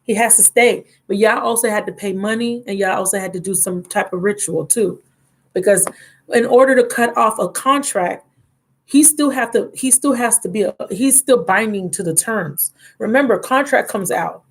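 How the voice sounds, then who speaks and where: A woman with a drawl leads a live tarot session. She reads card meanings aloud and talks warmly and familiarly to her viewers in a mid-range voice. Her delivery is loose and conversational. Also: medium pitch, moderate pace. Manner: chatty, affectionate, reads card texts aloud. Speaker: tarot reader. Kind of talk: live tarot reading and chat.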